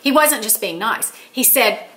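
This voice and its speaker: An older woman chatting to camera as a channel host, telling stories in an excited, chatty way and acting out quoted dialogue. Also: on the high side, a little slow. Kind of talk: casual storytelling to camera.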